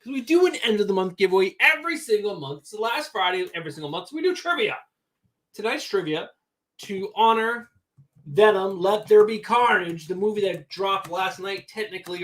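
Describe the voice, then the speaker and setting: A man co-hosting a casual livestream about comics and beer, upbeat and quick to laugh. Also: high-pitched, a bit bright.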